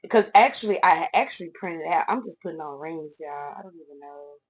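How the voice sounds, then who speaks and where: A woman's voice: sits low, animated, fairly quick. Woman, casual storytime vlog, talks to viewers as y'all, acts out the people she quotes, getting ready at home. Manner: chatty, addresses viewers as y'all; acts out voices in retold conversations. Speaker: vlogger. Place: at home doing her makeup.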